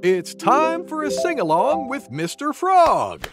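A man narrating a picture book for toddlers as a friendly goose host, expressive and exaggerated. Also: very high voice, music in the background, full character voice. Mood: gentle. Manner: animated, slow and exaggerated. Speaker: storybook narrator. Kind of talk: expressive storybook reading for preschoolers.

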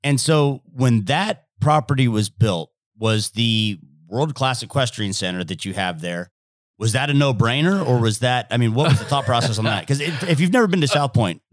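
A man's voice: medium pitch, lively intonation, normal speed, no echo, clean studio sound. A man hosting a casual interview, asking easygoing, rambling questions. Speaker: podcast host.

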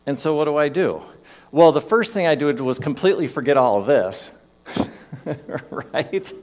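A man's voice: on the high side, lively intonation, moderate pace, a little mellow. A man giving a sermon in a church, telling a personal story in a conversational way with shifting emphasis. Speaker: minister. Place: church sanctuary.

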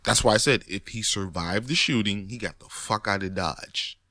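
A man talking in a casual monologue, animated and profane, often rising to near-shouts. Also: fairly low pitch, normal speed, no echo, clean studio sound. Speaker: commentator.

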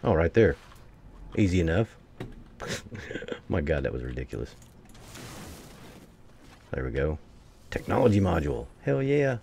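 A deep, gravelly man talks his way through a game, his pitch swinging widely as he swears, grumbles and calls out to his viewers. His voice is picked up by a desk mic, with a faint hum of noise behind it. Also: sing-song, unhurried, pauses often, mellow. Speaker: gameplay streamer. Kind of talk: casual gameplay commentary.

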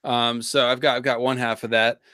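A man co-hosting a live stream Q&A, teasing and joking with his partner. His mid-pitched voice sounds dry and close, with no room around it. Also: flat delivery, fairly quick, sharp tone, clear, resonant tone, dry recording. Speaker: co-host guest.

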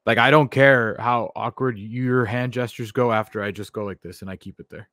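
A man's voice: medium pitch, fairly even intonation, moderate pace, fairly bright tone, no echo. A male radio co-host in a studio, bantering in a laid-back way and laughing along with the host. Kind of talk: casual sports talk show chat. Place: broadcast studio.

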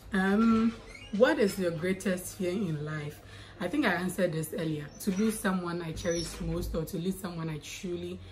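A young woman talks casually to her camera, reading out questions and bantering back at them. Her voice sits a little low, and a faint hum of room noise hangs behind her. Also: darkish tone, rough recording. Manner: chatty, reads questions aloud then answers playfully. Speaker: YouTuber answering viewer questions. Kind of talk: casual chat.

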